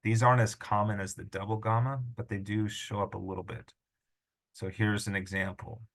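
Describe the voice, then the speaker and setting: A man's voice: fairly low pitch, flat delivery, moderate pace, fairly bright tone. A middle-aged man teaching a language lesson, patiently sounding out syllables and correcting himself as he goes. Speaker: Greek teacher. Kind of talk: screen-recorded lesson.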